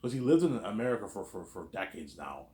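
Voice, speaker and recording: A man with a very low voice talks through a casual, rambling commentary. He keeps circling back with the same tag phrases and fillers. The sound carries a noticeable room echo. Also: sing-song, quick pace, darkish tone. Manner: rambling, repeats fillers and tags constantly. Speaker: host. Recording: roomy echo.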